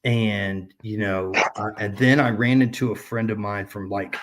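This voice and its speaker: A man's voice: lowish voice, steady tone, a little slow. A man in his thirties telling a personal story in a casual chat, rambling with many fillers and restarts. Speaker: podcast guest.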